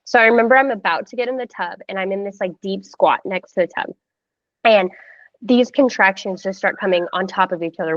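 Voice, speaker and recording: A woman in her thirties telling her birth story in a casual, animated way, full of "like" and acted-out quotes. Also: medium pitch, fairly quick, dry recording, highs cut off. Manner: animated, heavy use of "like", acts out quoted voices. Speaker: podcast guest sharing a birth story.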